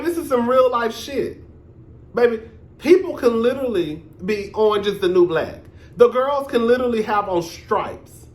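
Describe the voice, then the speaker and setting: A man hosting his own reality TV review vlog, talking in a sassy, animated, profane gossip style with drawn-out emphasis. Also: high voice, echoey room. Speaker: reality TV reviewer, show host. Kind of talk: casual commentary vlog.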